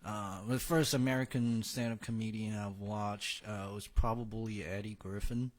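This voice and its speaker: A man's voice: lowish voice, steady tone, normal speed, crowd noise. A man who is a comedian and a podcast guest, answering in a hesitant, casual way with many fillers. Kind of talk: casual interview chat.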